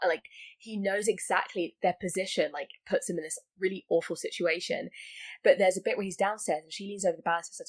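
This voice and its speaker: A woman's voice: medium pitch, steady tone, fast talker, slightly rough. A woman talking casually about a film as a podcast guest, full of likes and restarts. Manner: chatty, many likes and restarts.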